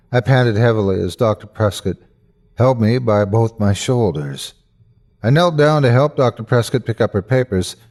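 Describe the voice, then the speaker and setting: A man's voice: medium pitch, a little mellow. A man narrating a scripted horror story in first person, tense and breathless in the scary parts.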